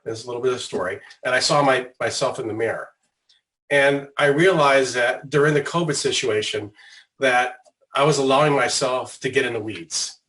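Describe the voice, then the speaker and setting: Guy on a school board thinking out loud, lots of ums, hesitant, normal middle voice. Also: medium pitch, low-quality recording. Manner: reflective, hesitant, many fillers. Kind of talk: board meeting remarks.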